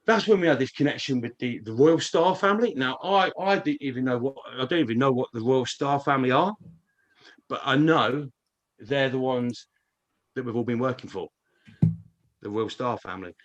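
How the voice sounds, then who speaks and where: A man's voice: mid-range voice, moderate pace, highs cut off. Rambling man telling a story. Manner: rambling, swears, many restarts. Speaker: guest. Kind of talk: casual storytelling. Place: online live stream call.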